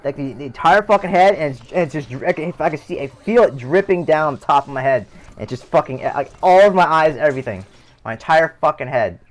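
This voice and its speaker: A man's voice: a little high, animated, fairly quick. A young man streaming live, telling a rambling personal story with heavy swearing and many restarts. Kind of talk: casual storytelling.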